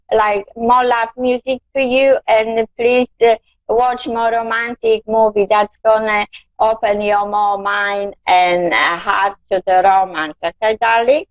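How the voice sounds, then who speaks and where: A woman with non-native English giving a psychic card reading on a live stream, gently coaxing the viewer and often calling her darling. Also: on the high side, no room sound, lo-fi sound.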